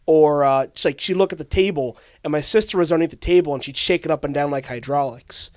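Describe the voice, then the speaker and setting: A woman's voice: low-pitched, fast talker, darkish tone, no echo, studio quality. A woman co-hosting a podcast, telling stories casually with many fillers. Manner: easygoing storyteller, many fillers. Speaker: podcast co-host. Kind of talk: casual chat.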